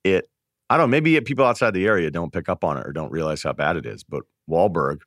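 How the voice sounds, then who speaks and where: Deep-voiced man in podcast banter. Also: fast, no echo, studio quality. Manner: animated storyteller acting out quotes. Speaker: podcast guest. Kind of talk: casual sports podcast chat.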